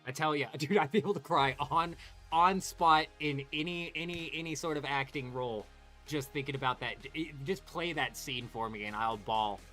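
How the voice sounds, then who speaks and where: A young man hosting a live game stream, chatting casually with viewers, animated and full of swearing. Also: on the high side, moderate pace, soft background music. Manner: animated, swears a lot, talks to chat by name. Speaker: livestream host.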